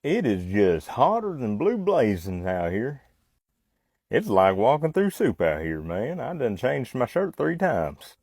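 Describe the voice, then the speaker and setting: A folksy man with a Southern US accent argues in a teasing, stubborn way. His voice is a little husky, and his pitch moves a lot. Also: wildly swooping pitch, a little slow, a little mellow, dry recording, clean studio sound. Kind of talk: casual couple video.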